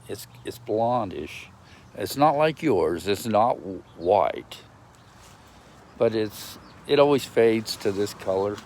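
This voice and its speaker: A man talks to the camera in a slow, unhurried ramble, his voice sitting a little low. He wanders from thought to thought, restarting sentences and filling gaps with ums. Faint outdoor ambience hangs behind the handheld phone recording. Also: gravelly, a little mellow, a little hiss or hum. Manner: meandering, self-interrupting, lots of ums and restarts. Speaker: vlogger. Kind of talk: rambling outdoor video message. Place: outdoors in a yard.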